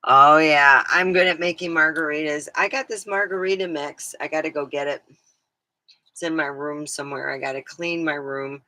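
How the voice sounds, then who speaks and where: A woman's voice: low voice, steady tone, normal speed, bright, forceful tone, no room sound, poor audio. A woman livestreaming, chatting casually in a meandering way and swearing now and then. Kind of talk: casual rambling chat.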